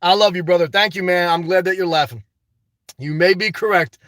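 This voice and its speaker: A man's voice: high voice, a little fast, a bit bright, no echo, recorded from a distance. A man hosting a livestream, reading the live chat in a chatty way and often tagging on "okay". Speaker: livestream host. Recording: dry sound, voice away from mic.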